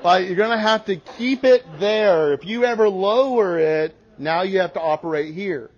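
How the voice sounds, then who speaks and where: Male parenting speaker, lively and humorous storyteller, slightly high voice, muffled low-fi capture. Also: moderate pace. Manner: animated, acts out family dialogue with humor. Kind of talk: storytelling talk to an audience.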